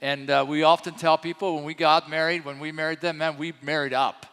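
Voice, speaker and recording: A man's voice: on the high side, little pitch movement, fairly quick, fairly bright tone, clean tone. A man in his sixties from France with a light French accent, preaching a sermon as co-pastor in a chatty, storytelling way. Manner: storytelling, chatty with many fillers. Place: church sanctuary. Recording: long reverb from a church hall.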